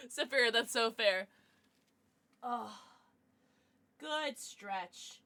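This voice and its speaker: A young female streamer speaks extremely slowly in a fairly high voice, recorded dry, while she chats casually with viewers over her gameplay. Jump scares draw shrieks from her, followed by chatty apologies.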